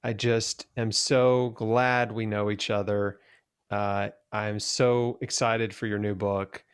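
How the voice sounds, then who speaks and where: A man's voice: lowish voice, flat delivery, slow pace, clear, resonant tone. A man hosting an interview, chatty with lots of fillers. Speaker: podcast host. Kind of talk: casual interview chat.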